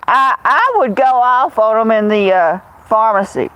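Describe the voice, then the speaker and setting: A woman's voice: a little high, animated, a little slow, hardly any pauses, a bit bright, rough recording. A woman chatting casually on a phone livestream at home, greeting viewers by name and telling stories. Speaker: livestream host.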